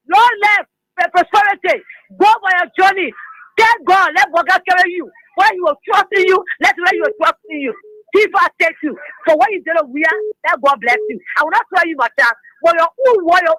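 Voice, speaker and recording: High bright woman caller pleading. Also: no echo, rough recording. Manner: pleading, grieving and preachy, blessings and warnings. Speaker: radio caller. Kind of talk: emotional call-in speech.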